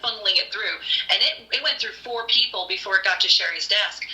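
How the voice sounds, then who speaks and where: A woman's voice: mid-range voice, fast, echoey room, poor audio. A woman host chatting casually, telling her stories with gushing enthusiasm and plenty of fillers. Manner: gushing, animated storyteller with many fillers. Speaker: podcast host and screenwriter. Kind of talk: casual storytelling chat.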